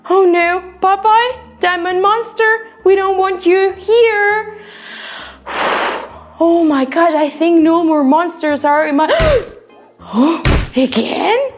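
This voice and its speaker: A woman's voice: very high voice, animated, slow, faint music behind. A young woman teaching English to children, acting out playful pretend fright with big gasps and sing-song lines. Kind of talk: acted children's lesson.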